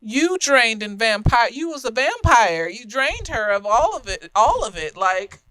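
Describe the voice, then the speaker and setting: High, smooth-voiced woman ranting with laughs. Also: sing-song, measured pace, bright, forceful tone, dry recording. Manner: profane, laughing often, emphatic. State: slightly tipsy. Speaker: film reviewer. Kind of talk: casual tipsy film review rant.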